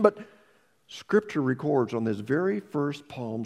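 A man preaching a sermon as pastor, moving between dramatic rises and hushed near-whispers, often repeating the first words of a phrase. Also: medium pitch, sing-song, a little slow, creaky.

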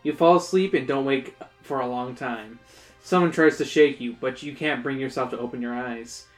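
Host, read-aloud storybook, playful asides, mid pitch, faint music behind. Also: normal speed. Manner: playful, joking asides, laughs while reading. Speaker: reader and host. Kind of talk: reading a choose-your-own-adventure book aloud to friends.

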